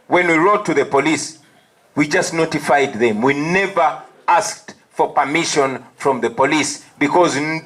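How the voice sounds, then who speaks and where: A man with a Ugandan accent giving a firm, emphatic press statement as an opposition party leader, defiant and deliberate. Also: a little high, fairly bright tone, slightly rough, low-quality recording.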